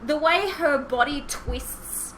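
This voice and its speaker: A young woman co-hosting a casual podcast, chatty and quick to laugh. Her voice is bright and sits a little high. A faint hiss runs under the recording. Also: rough recording. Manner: chatty and enthusiastic, laughs often. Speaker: podcast co-host. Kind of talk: casual chat.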